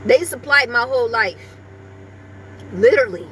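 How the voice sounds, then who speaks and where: A woman's voice: a little high, animated, normal speed, fairly bright tone, slight background noise. A woman vlogger chatting casually with her viewers and breaking off now and then to talk to her small dog.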